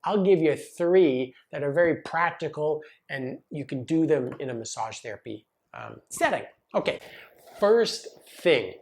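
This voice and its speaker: A man teaching massage therapists in a casual, animated way, talking straight to the viewer. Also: a little high. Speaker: massage business coach. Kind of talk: direct-to-camera teaching video.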